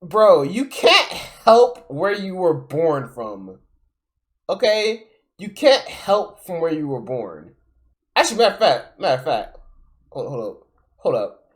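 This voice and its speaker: A man, talking loosely on a live stream as he reacts to a clip. His voice leaps up and drops low as he repeats himself in disbelief, and his talk is exasperated and profane. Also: big pitch swings, takes it slowly. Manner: exasperated, repetitive, profane, swings loud and soft. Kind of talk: casual live-stream commentary.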